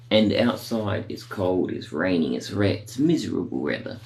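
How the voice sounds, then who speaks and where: A man's voice: deep voice, animated, normal speed, gravelly, few pauses, a little mellow. A man casually telling a funny anecdote in a chatty, rambling way. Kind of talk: casual storytelling.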